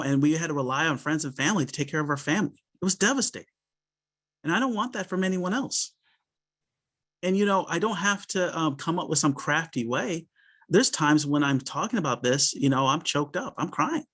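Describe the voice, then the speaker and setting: A man's voice: on the high side, fairly bright tone. A man leading an insurance sales training call, talking earnestly in a loose conversational way with many fillers and restarts, and acting out his talks with clients.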